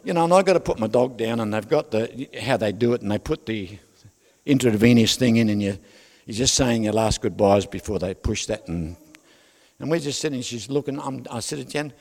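A man's voice: mid-range voice, a little fast, big-room sound. An older man with an Australian accent, preaching a sermon full of personal stories, jokes and asides to the congregation. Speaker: pastor.

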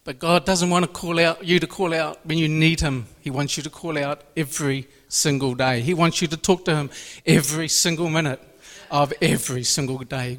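Man, lay preacher, emotional testimony, somewhat high voice, long hall reverb. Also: fairly even intonation, moderate pace, few pauses, a bit bright. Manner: earnest and emotional, repeats phrases. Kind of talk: personal faith testimony.

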